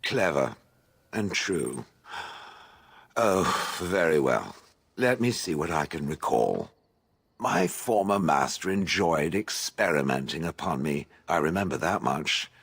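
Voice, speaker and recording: An actor playing a haughty, aloof male stone golem in a game, speaking with posh, husky dryness. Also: rumbling low, animated, slow, a bit bright, exaggerated voice. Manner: posh, refers to others as "it". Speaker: game character. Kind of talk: voiced game dialogue.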